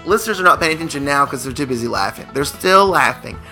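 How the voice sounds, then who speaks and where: A man's voice: on the high side, animated, fast, sharp tone, faint music behind. A man co-hosting a radio comedy show, telling jokes in a rambling, playful, teasing way. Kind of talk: joke-telling radio banter.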